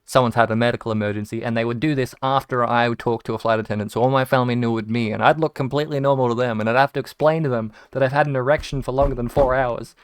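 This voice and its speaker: A man's voice: mid-range voice, steady tone, quick pace, few pauses, clear, resonant tone, no echo, clean studio sound. A young Australian man telling rambling stories full of restarts and swearing while he plays a game. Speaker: video game streamer. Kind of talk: casual storytelling while gaming.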